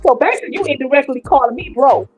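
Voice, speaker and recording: A middle-aged woman, commenting casually on a live stream and talking straight to her viewers in an animated way. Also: high-pitched, racing, lo-fi sound, soft background music.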